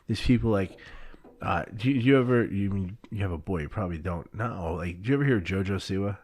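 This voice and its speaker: A man guesting on a podcast, telling animated stories bluntly and swearing freely, with a New Jersey accent. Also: low voice, quick pace. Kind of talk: casual chat.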